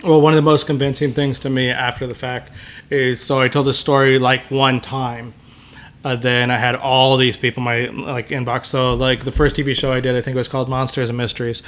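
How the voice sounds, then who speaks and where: A man recounting his hunting encounters on a podcast. His voice sits at an ordinary middle pitch, and he rambles loosely, dropping "like" into almost every sentence. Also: little pitch movement, fairly quick, fairly bright tone. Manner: rambling, full of "like" fillers. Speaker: podcast guest telling hunting stories. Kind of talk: casual storytelling.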